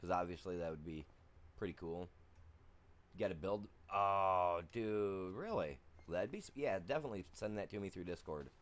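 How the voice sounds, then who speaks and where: During a farming game livestream, a man speaks at a normal speed in a low voice with lively intonation. He meanders through casual chat with viewers, full of "you know."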